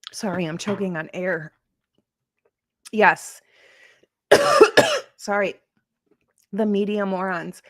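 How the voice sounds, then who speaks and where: A chatty woman hosts a true crime livestream and rambles as she replies to her chat. Her pitch sits in the middle range for a woman. The sound is dry and close, with no room echo. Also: steady tone, slow pace, pauses often, fairly bright tone. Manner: rambling, chatty, answers live chat comments. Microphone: streaming setup.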